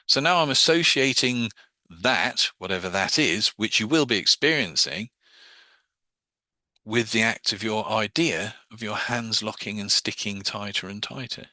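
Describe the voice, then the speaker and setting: A man with a fairly low voice and a very bright, cutting edge teaches hypnosis to a class. He works through his own phrasing piece by piece and explains why each word is there. The sound is close and dry. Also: a little slow, dry recording. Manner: analytical, breaks down his own wording step by step. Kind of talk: explaining and demonstrating techniques to a class.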